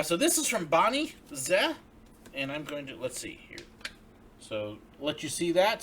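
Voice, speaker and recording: A man chats through a livestream, opening letters from viewers and reading them aloud. His voice is bright and sits a bit high, swinging lively up and down as he talks. He sounds grateful and easygoing. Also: a little hiss or hum. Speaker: livestream host. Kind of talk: casual livestream chat, reading viewer mail.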